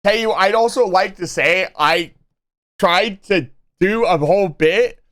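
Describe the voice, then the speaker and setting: A man's voice: high voice, a little slow, a bit bright, no echo, clean studio sound. A young man streaming live, talking casually to his chat and swinging between mock-angry joking and earnest reassurance.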